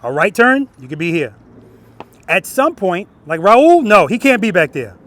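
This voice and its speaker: High-voiced man coaching riders outdoors. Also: sing-song, normal speed, a bit bright. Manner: coaching, asks the group questions and ends points with "right?". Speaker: motorcycle riding instructor. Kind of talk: outdoor riding lesson to a group. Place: outdoor practice lot.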